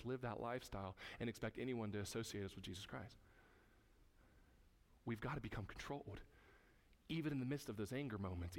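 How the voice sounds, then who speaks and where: A man preaching as pastor, emphatic and repetitive, speaking directly to his congregation. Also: mid-range voice. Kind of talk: sermon.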